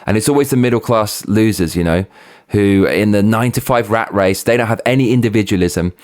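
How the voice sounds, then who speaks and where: A man's voice: fairly low pitch, a little fast, darkish tone. A man hosting his own show, ranting heatedly with plenty of swearing and sarcastic mockery. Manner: sarcastic, mocking. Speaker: host. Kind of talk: opinion rant.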